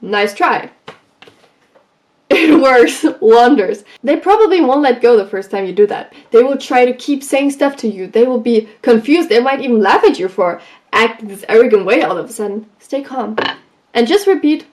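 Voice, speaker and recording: A woman vlogger giving advice in a casual, animated way, telling stories from her school days and acting out what people said. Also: on the high side, normal speed. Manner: animated, acts out quoted lines. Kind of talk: casual storytelling advice vlog.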